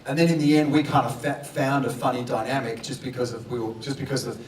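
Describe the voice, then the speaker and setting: A man, an actor speaking in a relaxed, good-humoured and rambling way at a press conference. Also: medium pitch, quick pace, a little hiss or hum. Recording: roomy hall, distant mic.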